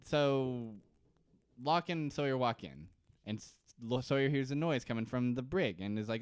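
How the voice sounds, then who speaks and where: A man's voice: mid-range voice, lively intonation, smooth, no room sound, clean studio sound. A man co-hosting a podcast, recapping a TV episode in casual, rambling chat with frequent laughs. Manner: rambling, laughing, quick to joke. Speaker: podcast co-host.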